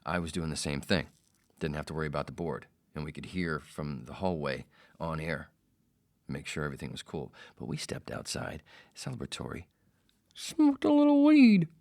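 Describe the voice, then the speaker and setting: A man's voice: rumbling low, a little fast, creaky. A man hosting a podcast, telling a rambling, profane story in a casual way. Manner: rambling, profane, self-interrupting. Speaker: podcast host.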